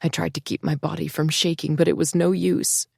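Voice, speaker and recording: Low, gravelly woman narrating an audiobook. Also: flat delivery, fairly quick, a little mellow, no echo, studio quality.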